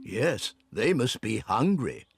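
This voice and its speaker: A woman voicing a kindly old male pig grandfather in a children's cartoon, talking in a gentle, encouraging way. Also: very deep voice, big pitch swings, slow, over music, exaggerated voice. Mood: cheerful.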